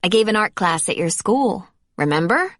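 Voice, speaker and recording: A woman reading aloud voices a friendly woman who teaches art, in a light, lively way. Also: medium pitch, normal speed, no room sound, studio quality.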